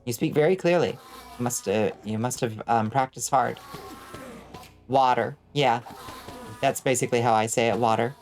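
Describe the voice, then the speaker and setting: A woman's voice: very deep voice, brisk, a little mellow, soft background music. Chatty Southern streamer woman. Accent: Southern US, Georgia. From Georgia, US. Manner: chatty, answers chat aloud, plays with pronunciations. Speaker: vtuber streamer. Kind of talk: casual livestream chat while gaming.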